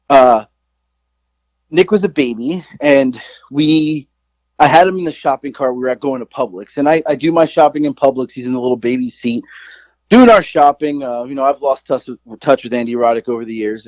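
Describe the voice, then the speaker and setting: A man's voice: mid-range voice, darkish tone, no room sound, poor audio. A man in his forties, a podcast co-host, telling a rambling, profane, self-mocking story in casual chat.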